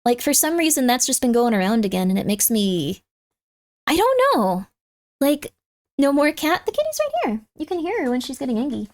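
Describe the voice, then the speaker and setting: A woman streamer chats casually with her viewers, cooing baby talk at her cat and making playful, over-the-top mock threats. Her voice sits on the high side with big pitch swings, at a moderate pace, and there's no room sound.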